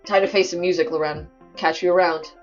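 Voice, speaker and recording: Cocky rich kid, flat and unbothered, woman doing the voice, dull recording, a little music under it. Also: fairly low pitch, brisk, natural voice. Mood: smug. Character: smug, wealthy, aloof high-school boy.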